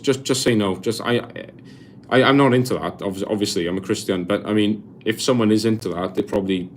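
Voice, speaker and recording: A young Welsh man talks loosely on a live stream, his voice sitting a little low, stumbling and restarting as he answers viewer comments. Faint background ambience sits under him. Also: darkish tone, a little hiss or hum. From Wales. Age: 20s. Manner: rambling, chatty, many restarts and fillers; reads viewer comments aloud and answers them. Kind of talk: casual live-stream chat.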